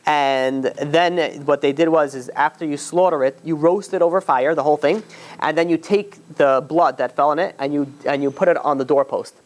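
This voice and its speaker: A rabbi teaching a class tells a story informally, his voice fairly high with fairly even intonation and a moderate pace. He's chatty, restarting often, wandering into asides, dropping plenty of "you know"s, and acting out the quotes.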